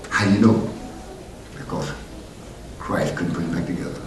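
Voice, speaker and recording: Deep-voiced preacher in an echoey church. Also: male voice, normal speed, long pauses. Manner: preaching, rising to loud emphatic peaks; conversational asides and questions to the congregation. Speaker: pastor. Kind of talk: sermon. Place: church sanctuary. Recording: roomy church hall from far off, noisy.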